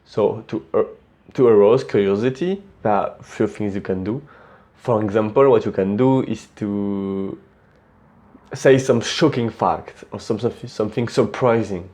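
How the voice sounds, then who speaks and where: A young man with a French accent giving casual speaking tips, plain-spoken and relaxed, often restarting words. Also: on the low side, normal speed. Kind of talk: casual instructional talk.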